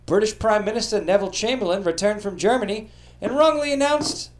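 A man's voice: high-pitched, fairly quick. A man hosting a podcast, telling comedic history stories with a profane, joking delivery. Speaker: podcast host.

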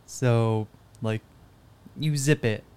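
A man's voice: mid-range voice, extremely slow, darkish tone, clean tone. A man co-hosting a podcast, chiming in with laid-back casual chat.

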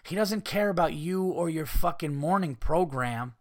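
A man hosting a podcast, ranting casually with heavy swearing and mocking people in put-on high voices. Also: animated, normal speed, dry recording, clean studio sound. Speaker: podcast host. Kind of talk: casual rant.

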